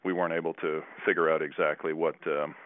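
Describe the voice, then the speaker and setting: A man in his forties, a former basketball player, telling stories as a guest with dry self-deprecating humor and halting fillers. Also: extremely low pitch, level tone. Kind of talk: casual storytelling interview. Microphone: phone. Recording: tinny phone line.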